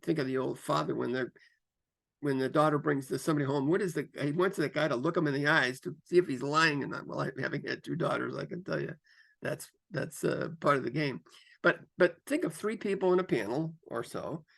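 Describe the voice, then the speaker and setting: A man with a brisk, gravelly voice gives career coaching advice straight to camera. He's lively, shifting his pace and pitch for emphasis, and often repeats phrases and leans on fillers.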